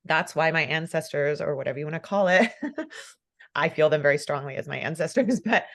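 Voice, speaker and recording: A woman's voice: sits low, lively intonation, moderate pace. A woman hosting a podcast interview, talking in an emotional, fervent way and laughing often. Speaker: podcast host. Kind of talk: casual conversational interview.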